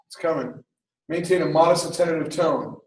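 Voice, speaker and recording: A man with a slightly higher voice lectures on academic writing to a class, talking in a lively, conversational way and throwing in jokey asides. The sound is roomy, with the echo of a classroom around him. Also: a little fast, a little hiss or hum. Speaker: writing instructor.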